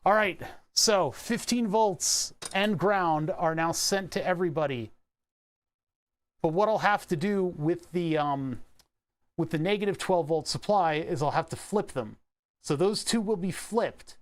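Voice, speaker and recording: A young Delaware County, Pennsylvania electronics vlogger works on a build while rambling playfully to himself. He speaks in a high-pitched, unhurried way.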